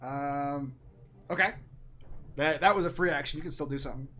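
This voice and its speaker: A man's voice: on the high side, a little fast, bright, forceful tone, a little hiss or hum. A man running a tabletop game as game master, with a hesitant, easygoing manner.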